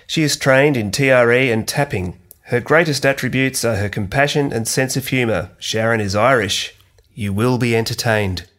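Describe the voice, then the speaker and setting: A man reading a scripted introduction for a podcast in a formal, even way. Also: mid-range voice, moderate pace. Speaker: podcast announcer.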